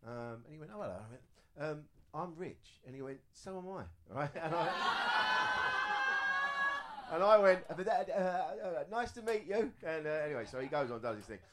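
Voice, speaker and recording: A man's voice: a little high, sing-song, normal speed, slight background noise. A middle-aged man, a comedian telling a rambling story on a live comedy panel, often laughing at his own jokes. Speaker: comedian and house player. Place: live venue with audience.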